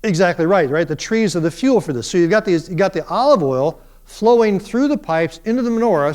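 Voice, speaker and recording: A man's voice: high-pitched, a little fast, few pauses. A middle-aged man lecturing a university class on the Bible, telling stories and acting out the quotes in different voices. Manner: animated storyteller, acts out quotes in voices.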